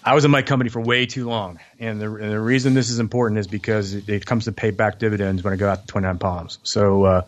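A man's voice: on the low side, quick pace, hardly any pauses, highs cut off. A man, a former Marine tank officer, telling stories in a casual interview and acting out what others said. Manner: animated, quotes others in his stories.

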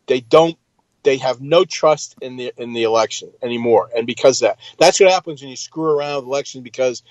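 A man's voice: mid-range voice, brisk, a little mellow, no room sound. Blunt man on a dull recording. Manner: blunt, emphatic, swears. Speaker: podcast co-host, military veteran. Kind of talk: casual chat.

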